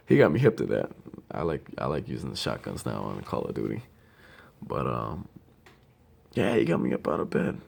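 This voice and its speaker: A man's voice: low voice, creaky, a little mellow. A man in his thirties from Ohio, grieving his younger brother in a blunt, profane, heartfelt monologue. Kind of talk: personal tribute monologue.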